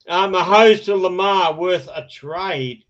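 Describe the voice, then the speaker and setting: Man, fairly high voice, rambling, laughs often, dull lo-fi audio. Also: slow, fairly bright tone. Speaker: podcast host. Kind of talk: casual podcast chat.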